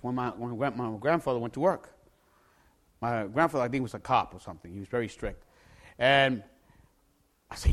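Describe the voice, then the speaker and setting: A man telling a dramatic personal story, acting out the people in it and bursting into shouts at the tense moments. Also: medium pitch, moderate pace, long pauses. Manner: acts out the people in his story. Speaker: storyteller giving a personal testimony.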